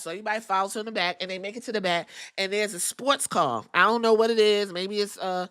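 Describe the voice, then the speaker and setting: Bright, animated woman recapping wrestling. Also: medium pitch, quick pace, hardly any pauses, clear, resonant tone. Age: middle-aged. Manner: animated storytelling, acting out quotes, swearing freely. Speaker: podcast host. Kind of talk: casual recap of wrestling episodes.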